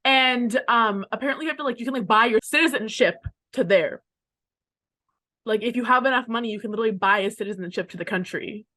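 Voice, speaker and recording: A young woman from Canada co-hosts a chatty podcast, wandering off topic and filling every gap with "like". Her voice is bright and a little high. She talks in a loose, casual way. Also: quick pace. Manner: rambling, chatty, heavy use of "like". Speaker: podcast co-host. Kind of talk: casual chat.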